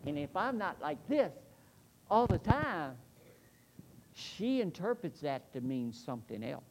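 A middle-aged man preaching a sermon in an earnest, emphatic way, slowing down to stress key points. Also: fairly high pitch, sing-song, slight background noise. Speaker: pastor.

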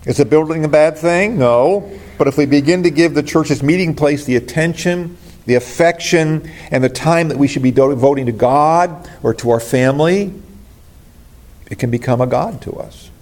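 A man's voice: on the high side, normal speed, a little mellow. A middle-aged man preaching a sermon as pastor, earnest and direct, asking his listeners rhetorical questions.

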